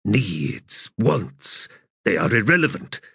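A man playing a cold undead warlord in an audiobook, low, quiet and solemn. He measures every word slowly, and the sound is dry and close. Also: big pitch swings, creaky, slightly rough, no room sound, heavily acted. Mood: grim. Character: grim undead male warrior lord, cold and resolute.

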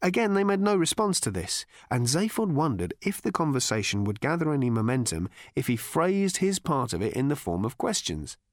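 A man narrating a story as an audiobook in a dry, wry, measured way. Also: mid-range voice, big pitch swings, no echo.

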